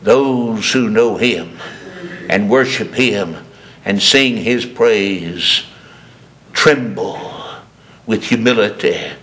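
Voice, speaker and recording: A man preaching a sermon with passion, repeating phrases for emphasis and climbing from low murmurs to high, ringing cries. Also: very slow, pauses often, a bit bright, a little hiss or hum.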